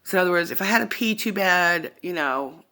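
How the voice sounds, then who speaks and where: A woman speaking into her phone, telling a personal story in a halting, rambling way that keeps wandering off into asides. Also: on the low side, expressive, bright, forceful tone. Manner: halting, rambling, often digressing. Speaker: vlogger sharing a personal testimony.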